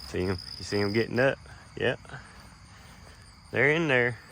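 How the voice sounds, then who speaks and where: Folksy man outdoors, bright voice. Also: medium pitch, animated, unhurried, vocal fry. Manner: folksy, rambling, many fillers. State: a little out of breath while walking. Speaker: land manager filming his dove field. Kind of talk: casual walking vlog narration. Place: outdoors in a rural field. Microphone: handheld camera while walking.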